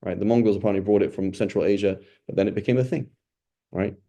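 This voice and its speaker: A man's voice: lowish voice, fast talker, warm tone. A man giving an informal Quran study talk as a religious teacher, speaking conversationally with rhetorical questions and a frequent "right?".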